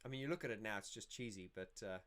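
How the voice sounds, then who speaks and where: A man's voice: fairly low pitch, fast, a bit bright. A man hosting a casual livestream Q&A, chatty and rambling, often laughing and restarting his sentences. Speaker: YouTube channel host.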